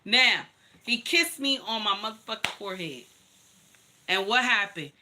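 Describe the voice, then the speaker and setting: A woman's voice: mid-range voice, lively intonation, measured pace, sharp tone, slight background noise. A woman hosting a livestream and telling her own story to viewers, blunt, emphatic and profane, calling her listeners honey. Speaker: livestream host.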